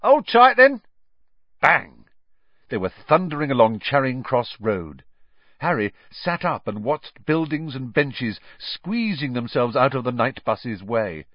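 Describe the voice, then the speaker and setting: A man narrating a story aloud in an expressive storytelling manner. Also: mid-range voice, unhurried, no echo. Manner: expressive storytelling with lively rises and falls. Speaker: audiobook narrator. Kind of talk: scripted narration. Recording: dull, dry studio recording.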